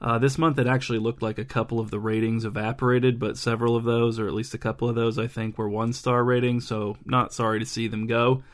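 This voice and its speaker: A podcast host reads a bedtime story in a calm, unhurried way. He has a head cold, and his voice sounds stuffy and a little thick. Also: medium pitch.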